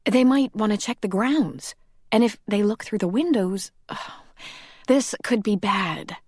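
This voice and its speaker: A woman's voice: mid-range voice, takes it slowly, darkish tone, husky, dry recording, clean studio sound, pitched above the performer's own voice. A woman voicing a flustered young heroine who often speaks in a breathless whisper. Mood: anxious.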